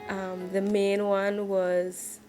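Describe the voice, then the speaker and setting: Young woman, mid-pitch, hesitant church testimony; distant mic, faint music underneath. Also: completely flat delivery, drawn-out words. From Belize. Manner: hesitant, many fillers and restarts. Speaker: church member giving testimony. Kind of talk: personal faith testimony.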